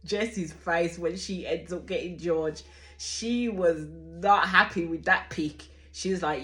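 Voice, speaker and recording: Woman, forties, lowish voice, outspoken reality-show reactor who rambles and curses. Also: measured pace, a bit bright. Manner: blunt, outspoken, swears freely; chatty, rambling with restarts. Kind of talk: casual reaction commentary.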